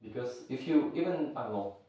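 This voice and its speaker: A man teaches a martial arts lesson in a casual, offhand way, rambling and stopping to search for words. His medium-pitched voice is mellow with lively intonation and a slightly fast pace. He stands well back from the mic, so his voice rings around a very echoey room.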